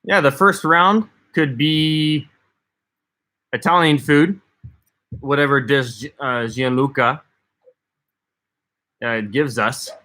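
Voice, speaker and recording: Guy on a livestream reading chat comments out loud and answering them, easygoing chat. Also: mid-range voice, slow pace, pauses often. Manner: chatty, reads out and answers viewer comments. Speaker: livestream co-host.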